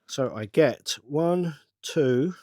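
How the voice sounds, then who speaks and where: A middle-aged man, rambling to himself in a casual build-along chat with bursts of excitement. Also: on the high side, very slow, no room sound, clean studio sound. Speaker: channel host.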